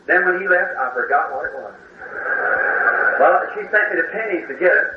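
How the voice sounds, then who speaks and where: A preacher telling a folksy story in a slightly high voice, acting out the people he quotes. He stands back from the microphone in an echoey space. The old recording sounds dull and lo-fi, with a faint hiss underneath. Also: expressive, normal speed, far from the mic. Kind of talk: sermon storytelling.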